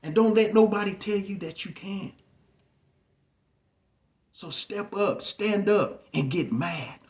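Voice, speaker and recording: A man's voice: high-pitched, slow pace. A man giving an impassioned, preachy political and religious monologue, driving each point home. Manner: fiery and preachy, keeps calling out "man".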